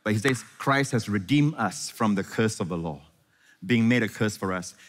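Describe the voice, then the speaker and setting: A man preaching a sermon to a congregation, often quizzing them with quick questions. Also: lowish voice. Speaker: pastor. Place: large church hall before a congregation. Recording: echoey hall.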